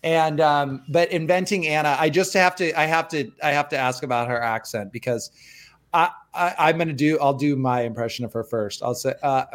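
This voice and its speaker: Young male podcast co-host, slightly high voice, chatty and joking. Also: normal speed, fairly bright tone. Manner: chatty, joking, lots of restarts and laughs. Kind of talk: casual chat.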